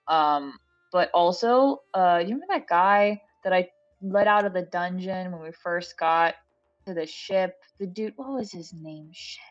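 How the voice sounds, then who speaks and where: A woman's voice: on the low side, measured pace, muffled recording, faint music behind. A woman playing a tabletop game, rambling and stammering, often giggly. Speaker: player.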